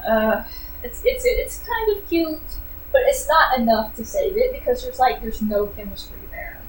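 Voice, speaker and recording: Woman, casual book review, sarcastic, animated, high-ish voice, echoey room. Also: normal speed. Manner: animated and sarcastic, with frequent fillers. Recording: echoey room, distant mic, faint noise.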